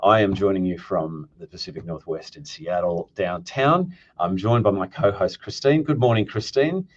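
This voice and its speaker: An Australian man with a very low voice hosts a live business chat over a video call. He is friendly and a bit rambling, with a light joking touch. The sound is dull and muffled. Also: moderate pace. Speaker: host. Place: Seattle.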